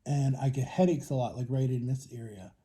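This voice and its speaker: A man's voice: mid-range voice, fairly even intonation, a little fast, mellow. A man in his thirties chatting casually to the camera while he eats, telling long rambling stories about his own life. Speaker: vlogger.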